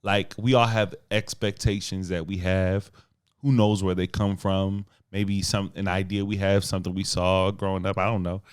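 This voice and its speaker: A man's voice: sits low, level tone, moderate pace, clean tone. A man co-hosting a podcast, bantering and joking in casual conversation with his partner. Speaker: podcast co-host. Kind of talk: casual couple chat.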